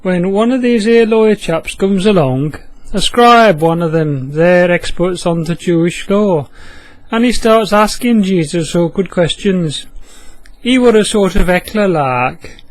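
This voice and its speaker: A man's voice: sits high, expressive, unhurried, no room sound, rough recording. A man with a broad Yorkshire accent telling a Bible story in dialect, folksy and chatty with asides to the listener.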